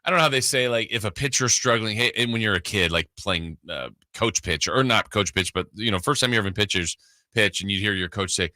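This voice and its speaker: Casting: lowish male radio co-host, forceful bright tone, chatty storyteller, dry close mic. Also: a little fast, no echo. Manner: conversational, storytelling, acts out quotes. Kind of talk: sports radio talk.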